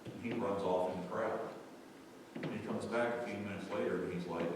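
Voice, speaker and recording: A man's voice: low-pitched, brisk, far from the mic. Man, pastor, sermon, church sanctuary, long hall reverb, faint room noise. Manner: swings from quiet storytelling to loud excited preaching.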